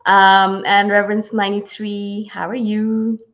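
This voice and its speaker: A woman hosting a spiritual channel, chatting casually and warmly with viewers on a livestream, full of fillers and excited asides. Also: medium pitch, a little slow. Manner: bubbly, greets viewers, many fillers. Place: home, from Houston. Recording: slightly dull lo-fi livestream audio.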